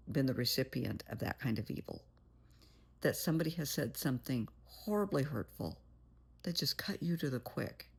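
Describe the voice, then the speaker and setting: A woman's voice: low voice, vocal fry, breathy edge. A woman therapist giving blunt, plain-spoken advice in a monologue, calling the listener "honey". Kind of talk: motivational monologue.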